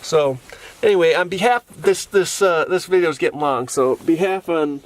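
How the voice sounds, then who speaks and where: A man's voice: a little high, moderate pace. A tired man vlogging casually from inside his camper van, rambling with lots of restarts and fillers. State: tired from a long day. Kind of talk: casual vlog chat.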